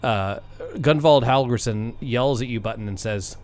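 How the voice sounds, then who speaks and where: A man's voice: mid-range voice, normal speed. A man running a tabletop game as dungeon master, narrating scenes with frequent fillers.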